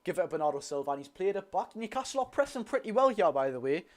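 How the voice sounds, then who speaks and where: A young Geordie man narrates a live football watch-along in a fairly high voice. He reacts to each pass with chatty excitement and keeps talking to his viewers and the lads. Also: quick pace. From North East England. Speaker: football fan streamer.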